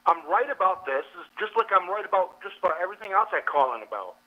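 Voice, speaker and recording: A man's voice: high-pitched, sing-song, fast. A man calling in to a radio show, insistent and self-assured, over a dull phone line. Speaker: caller. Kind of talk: call-in talk radio.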